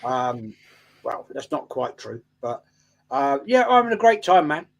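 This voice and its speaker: A man's voice: medium pitch, big pitch swings, unhurried, gravelly. A man, a panelist on a fan podcast who jokes and rants in exasperation. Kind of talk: casual chat.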